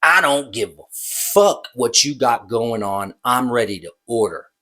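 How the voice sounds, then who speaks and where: A man playing a raspy, rude construction guy. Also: animated, unhurried. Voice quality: raspy, high and yelling. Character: rude gruff male construction contractor customer.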